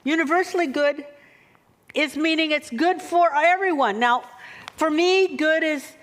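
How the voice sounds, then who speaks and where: Female minister, slightly high voice, expressive sermon delivery. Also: measured pace. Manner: expressive, chant-like repetitions. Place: church sanctuary.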